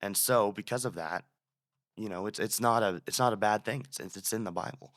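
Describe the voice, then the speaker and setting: A young man in his twenties speaks as a podcast guest, with a somewhat low voice. He tells stories animatedly and often restarts his phrases. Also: brisk, fairly bright tone. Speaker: student guest. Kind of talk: casual podcast interview.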